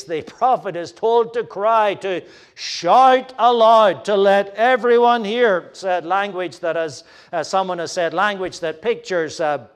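A man preaching an expository sermon, measured, with frequent fillers and restarts. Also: sits high. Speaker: pastor.

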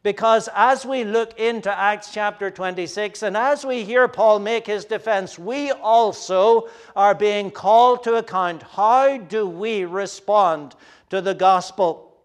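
A man with a high-pitched, clear and resonant voice preaches an expository sermon. He is earnest and explanatory, often pausing on fillers and turning to address the children.

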